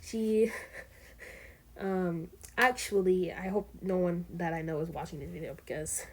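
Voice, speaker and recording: A woman's voice: fairly low pitch, fairly even intonation, a little slow. A teenage girl casually telling a rambling story in a vlog, using lots of fillers and asides. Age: teens. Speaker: vlogger.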